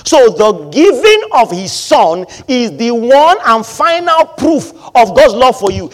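A man preaching a sermon, asking the congregation questions and answering them, swinging between loud emphatic lines and quieter asides. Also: very high-pitched, very animated, takes it slowly, few pauses. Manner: call-and-response questions to the congregation.

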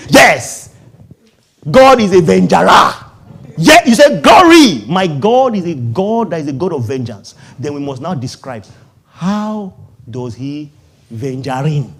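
A man preaching a sermon, switching between loud calls to the congregation, low asides and laughter. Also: animated, normal speed, slightly rough. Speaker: pastor.

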